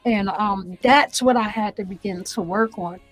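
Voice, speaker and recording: A woman's voice: mid-range voice, moderate pace, soft background music, rough recording. A woman guest giving her testimony in an interview, earnest and preacherly, repeating phrases for emphasis, from a small room at home.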